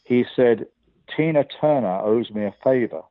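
An older man with an English accent, a guest telling lively anecdotes and acting out the dialogue of the people in them. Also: mid-range voice, normal speed, dry recording, phone-quality sound. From England. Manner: lively storyteller who acts out quoted dialogue with many restarts. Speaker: guest, record producer and guitarist.

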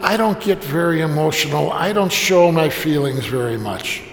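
A man, a priest, quoting a stern, reserved older male church leader in a clipped, deadpan tone. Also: a little high, moderate pace. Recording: echoey hall with long reverb.

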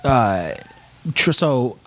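A man's voice: medium pitch, very animated, drawn-out words. A man chatting casually in a rambling way, with lots of "like" and swearing. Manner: rambling, says like a lot, swears. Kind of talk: casual chat.

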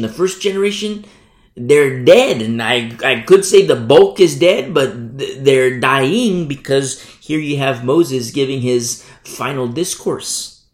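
A man's voice: medium pitch, reverberant. A man preaching a Bible study sermon as pastor, stressing his points by repeating phrases and often adding "you see.".

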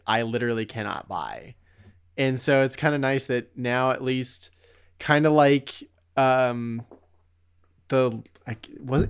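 A man's voice: medium pitch, smooth. A man co-hosting a podcast in casual chat. He trails off and hedges as he talks things through. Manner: reacts with short quips, rambles with hedges. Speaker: podcast co-host.

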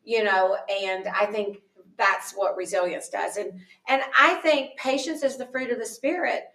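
A woman's voice: medium pitch, measured pace, a bit bright. A woman guest in a casual podcast interview, speaking earnestly and with animation, often restarting her sentences. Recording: echoey room, distant mic.

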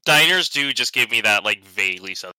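Bright voiced guy rambling about his rpg character, dry room. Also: medium pitch, expressive, a little fast, clear, resonant tone, dry recording, rough recording. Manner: rambling, lots of fillers and laughs. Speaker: player. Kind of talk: casual tabletop game chat.

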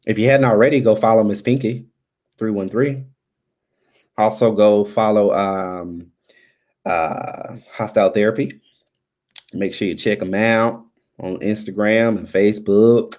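A man's voice: fairly low pitch, unhurried, long pauses, darkish tone. Rambling man signing off his stream. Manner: loose and rambling, many ums. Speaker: live stream host. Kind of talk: casual live stream sign-off chat.

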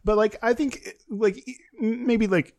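A man's voice: sits high, steady tone, moderate pace, darkish tone, no echo. A man co-hosting a podcast in a studio, chatting in a jokey, rambling, self-deprecating way. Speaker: podcast co-host. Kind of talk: casual chat.

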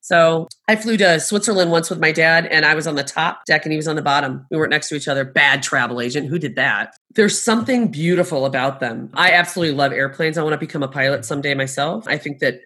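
Low-pitched and fast, with barely any pauses, a middle-aged travel agent tells stories in a casual chat. She's animated and laughs often while acting out what people said.

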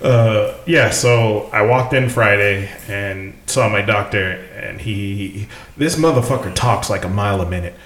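A man's voice: fairly low pitch, a little slow, few pauses, a bit bright, reverberant. A man co-hosting a casual podcast, laid-back, swearing freely and laughing often. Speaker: podcast co-host. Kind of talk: casual chat.

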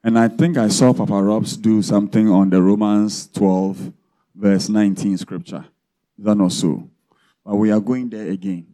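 Mellow-voiced preacher. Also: male voice, fairly low pitch, steady tone, moderate pace. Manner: preaching with rhetorical questions to the congregation. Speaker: pastor. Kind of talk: sermon.

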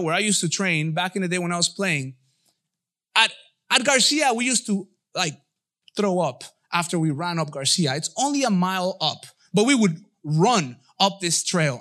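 A middle-aged man preaching a lively sermon as pastor, acting out voices and dialogue as he goes. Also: high voice. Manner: animated, acts out voices and dialogue. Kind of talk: energetic sermon.

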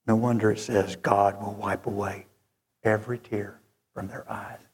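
A man's voice: fairly low pitch, little pitch movement, darkish tone, husky. A male preacher delivering an earnest sermon that rises to fervent moments. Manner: slow, earnest, rising to fervent.

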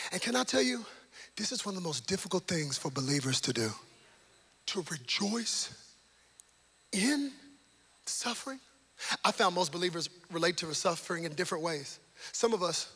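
A man preaching a sermon, animated and lively, swinging between loud emphatic lines and hushed, near-whispered passages. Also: sits high, moderate pace, pauses often, slightly rough.

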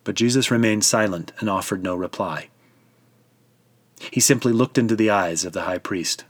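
A man narrates a scripture story with dramatic, vivid storytelling. His voice is low and husky. The recording is dry and close. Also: moderate pace, dry recording.

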